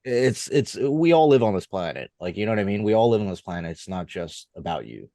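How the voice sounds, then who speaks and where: A man co-hosting a podcast in casual chat, rambling and halting as he makes a point. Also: lowish voice, big pitch swings, dark tone, no echo, clean studio sound. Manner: rambling, halting, lots of fillers and restarts. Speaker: podcast co-host.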